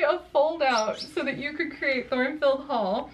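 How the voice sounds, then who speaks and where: High-voiced, excitable woman unboxing books. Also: dull audio. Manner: gushing, excitable, quick to exclaim. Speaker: book unboxing vlogger. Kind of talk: casual unboxing chat.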